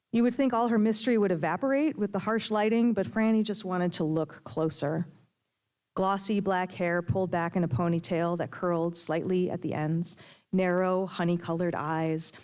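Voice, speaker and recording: A woman reading her own fiction aloud with a steady storytelling delivery. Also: on the low side. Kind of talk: prose reading.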